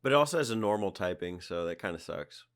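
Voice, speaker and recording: A man's voice: low-pitched, expressive, fast, fairly bright tone. A man co-hosting a casual gaming podcast, making dry, matter-of-fact remarks. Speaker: podcast co-host. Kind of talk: casual chat.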